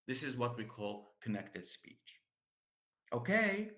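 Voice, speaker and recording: A man teaching a class about pronunciation, speaking slowly. He repeats himself and checks with his students as he goes. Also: mid-range voice, very animated, bright, forceful tone, reverberant.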